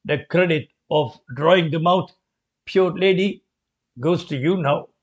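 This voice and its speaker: A man's voice: on the high side, unhurried, natural voice. A man reading an earnest devout scholar. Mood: reverent. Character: devout male scholar, respectful and exultant. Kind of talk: reading a devotional memoir aloud. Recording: dull lo-fi recording.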